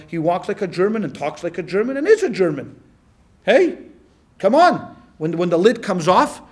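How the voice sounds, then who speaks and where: A male rabbi giving a lecture to a class in a lively, conversational way, with frequent restarts. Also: high voice. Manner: animated and conversational, with many restarts. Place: class with a live audience.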